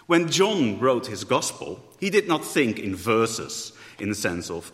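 A man's voice: on the low side, very animated, unhurried, hardly any pauses, a bit bright. A man preaching a sermon in a thoughtful way, often rephrasing mid-sentence. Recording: echoey hall.

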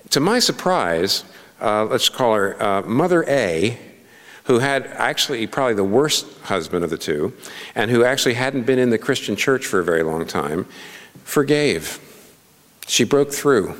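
A man's voice: mid-range voice, very animated, normal speed, fairly bright tone, big-room sound. A middle-aged man, a pastor, preaching a sermon in an earnest, conversational way, full of rhetorical questions.

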